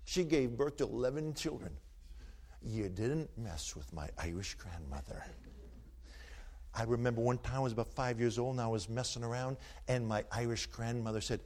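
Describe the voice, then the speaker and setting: An older man preaching a sermon, animated and joking as he tells stories and teases his listeners. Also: mid-range voice, normal speed, a little hiss or hum.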